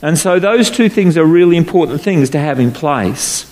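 A man preaching a sermon to a congregation, swinging between low solemn passages and raised, emphatic ones, slowing to stress key phrases. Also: lively intonation, a little mellow. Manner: slows down to stress scripture phrases. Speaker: pastor. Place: church hall before a congregation.

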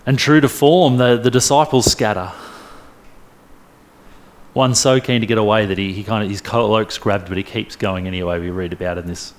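A man preaching a sermon, retelling a story in a lively way with humorous asides. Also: lowish voice, normal speed.

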